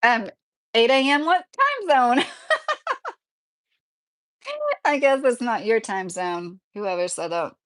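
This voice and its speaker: A woman's voice: a little high, big pitch swings, slow pace, pauses often. A woman live streaming from home, chatting casually, reading out chat messages and laughing often. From Kentucky, USA.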